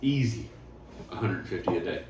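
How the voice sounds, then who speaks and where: A man's voice: low-pitched, animated, moderate pace. A man telling stories and making plans in a profane, laughing casual chat with friends. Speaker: father chatting with friends. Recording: echoey room, far from mic, noisy.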